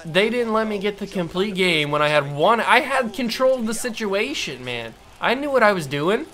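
A man talking his way through a baseball video game in a casual, running monologue. His voice is bright and sits a touch high, and he mutters to himself, then flares up with frustrated outbursts. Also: sing-song, moderate pace. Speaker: gamer. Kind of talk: casual gameplay commentary.

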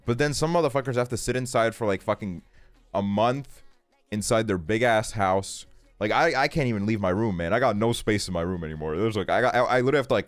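Low-voiced man ranting profanely. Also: dry recording. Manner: profane, ranting, lots of fillers. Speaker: streamer. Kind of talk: casual stream chat. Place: his bedroom.

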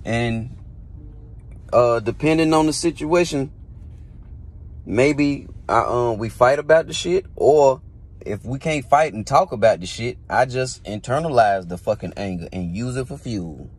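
A musician with a husky, mid-range voice delivers a casual motivational monologue at a slightly slow pace. He's blunt and heavily profane, driving his points home through repetition.

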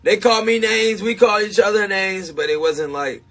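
A man with a high-pitched, fairly bright voice chats casually on a livestream to his supporters, speaking at normal speed in a steady tone. He's emphatic and confessional, repeating his points and laughing often between them.

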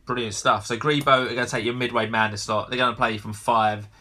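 Bright-voiced man hosting a podcast. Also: medium pitch, steady tone. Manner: brisk, steers the running order. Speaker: podcast host. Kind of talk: casual chat.

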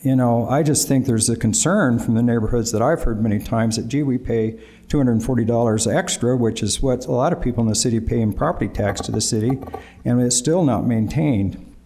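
Man with a warm, mellow, explanatory tone. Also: medium pitch, fairly quick. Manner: explanatory and defensive. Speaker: speaker defending a proposal at a council meeting. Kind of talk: council meeting discussion. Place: city council chamber.

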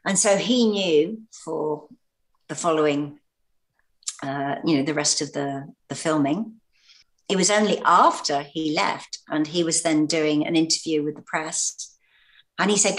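An English actress recalling stories in an interview, hesitant, often repeating words and laughing. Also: female voice, low-pitched, unhurried. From Britain. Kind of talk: anecdotal interview talk.

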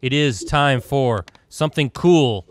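A man hosting a quiz game on a live online show, keeping up a quick, upbeat game-show patter over a video call. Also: mid-range voice, dry recording. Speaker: host.

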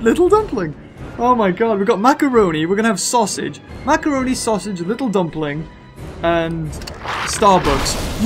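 In a high voice, this British man hosts a gaming video, commenting on the gameplay with lots of excitement and gushing, with laughter slipping in between lines.

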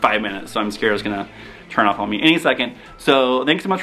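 A man's voice: a little high, fast, bright, forceful tone, soft background music. A young man vlogging in a chatty, rambling, self-deprecating way. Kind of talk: casual rambling vlog.

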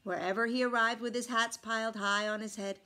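A woman reading a folk tale aloud from a picture book, expressive, dropping to hushed asides about the illustrations. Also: on the high side, fairly quick. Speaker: storyteller.

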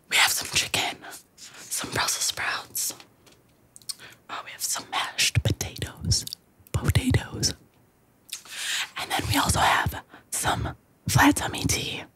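A young woman doing a whispered ASMR role-play as a comedy host, talking in a breathy hush. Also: takes it slowly, long pauses. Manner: breathy whispered delivery with sudden stops.

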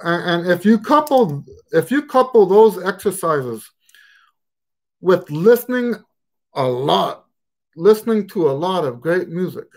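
A man's voice: high voice, sing-song, a little slow, long pauses. Chatty American man with a mixed accent. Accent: mixed American, Texan and Western Pennsylvania touches. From United States. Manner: rambling, conversational, many fillers and asides. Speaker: trumpet teacher hosting a live Q&A. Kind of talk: casual live-stream chat.

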